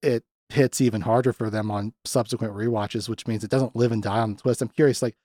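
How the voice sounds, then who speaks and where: A man hosting a podcast, chatting loosely about a movie with lots of restarts and animated asides. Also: on the low side, brisk, no room sound, clean studio sound. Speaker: podcast host. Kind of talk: casual film discussion.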